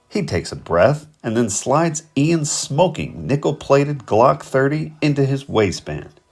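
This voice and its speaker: A man narrating a first-person novel in a vivid, expressive storytelling manner. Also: medium pitch, creaky. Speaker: audiobook narrator.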